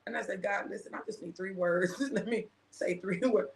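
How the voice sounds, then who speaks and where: A woman's voice: mid-range voice, brisk, creaky, echoey room, slight background noise. A woman minister hosting a casual chat, telling a personal story with laughter and acting out the quoted dialogue. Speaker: minister and show host.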